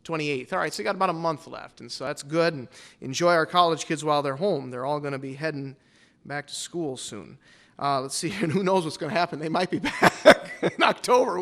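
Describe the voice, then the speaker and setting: A man's voice: a little high, a bit bright. A man pastor hosting a playful Bible trivia game at a church service, teasing the congregation before introducing guests.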